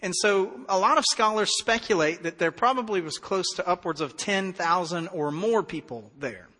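A man preaching a sermon as pastor, in a conversational, animated way with acted-out dialogue. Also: high voice, moderate pace, in a large hall.

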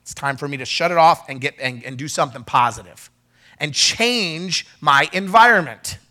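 Animated high-voiced male pastor preaching. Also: normal speed. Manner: animated preaching, acts out quoted dialogue, rising to shouts. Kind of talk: sermon.

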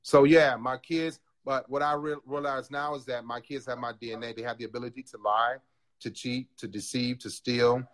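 A man's voice: medium pitch, steady tone, moderate pace, a bit bright. Earnest man in his forties confessing. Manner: raw and earnest, casual slang like "bro". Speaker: podcast guest. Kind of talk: candid personal confession.

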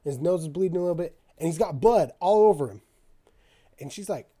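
A man's voice: a little high, brisk. A young man telling a rambling, profane story in casual chat, acting out the other people's lines. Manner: profane, animated storytelling with quoted dialogue.

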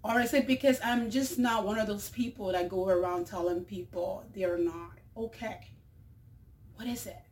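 A woman's voice: medium pitch, normal speed, darkish tone. A woman, a mother, hosting her own show in a casual monologue, chatty and full of fillers, often laughing. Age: adult mother. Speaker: show host.

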